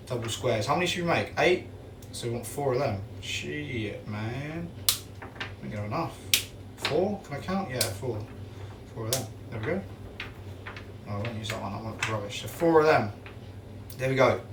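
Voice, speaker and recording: A young man chatting casually on a livestream while he bakes, rambling and slangy, poking fun at himself. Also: mid-range voice. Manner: rambling, slangy, self-mocking. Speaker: streamer baking on camera. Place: home kitchen. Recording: roomy, distant, clattering kitchen noise.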